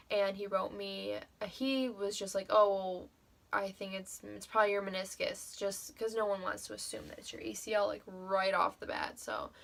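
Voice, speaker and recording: A woman's voice: mid-range voice, creaky, a bit bright. Young woman telling a story with emotion. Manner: emotional, swears freely, many "like" fillers. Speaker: vlogger. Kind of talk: casual storytelling to camera.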